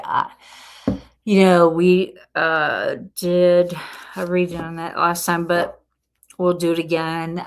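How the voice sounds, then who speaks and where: A woman hosting a casual live tarot reading, chatty and encouraging, often breaking into laughter. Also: low-pitched. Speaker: tarot reader host.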